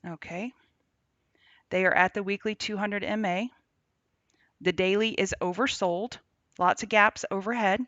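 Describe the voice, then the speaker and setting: A chatty woman hosts a live market prep stream and greets her chat viewers by name between setups. Her voice sits at a middle pitch. The sound is dry, dull and a bit lo-fi. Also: fairly even intonation, a little slow, pauses often, a bit bright, no echo. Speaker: trading show host. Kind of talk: casual livestream market commentary. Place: on the road, remote setup.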